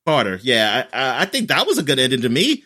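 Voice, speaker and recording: A man in casual chat, recapping an episode in a rambling way with lots of fillers and lively quoted lines. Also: medium pitch, quick pace.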